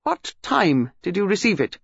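Probing older English gentleman, brisk and husky, played by a male reader. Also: sits high, very animated, no room sound, lo-fi sound, voice pushed up, heavily acted.

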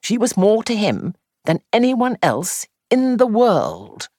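Brief: male storyteller, expressive rising and falling delivery, dry close-miked sound. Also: high voice, no room sound. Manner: measured, composed first-person storytelling. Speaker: narrator. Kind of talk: audiobook narration.

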